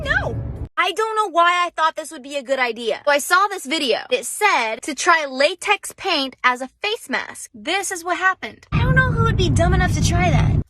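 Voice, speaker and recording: A young woman telling funny stories in a casual vlog, dramatic and quick. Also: very high-pitched. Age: young adult. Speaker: TikTok creator. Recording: music playing under the voice.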